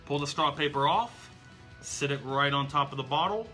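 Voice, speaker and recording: A man's voice: a little high, animated, moderate pace, pushed and bright, faint music behind. A man hosting a magic tutorial, explaining each trick step by step in an upbeat way. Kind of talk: instructional demonstration.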